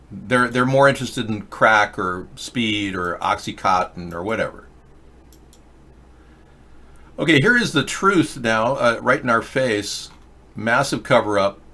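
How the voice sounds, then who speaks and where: Older male host, low bright voice, rambling opinionated commentary, loose and unscripted. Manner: rambling, opinionated, with restarts and fillers. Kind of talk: casual commentary on video clips.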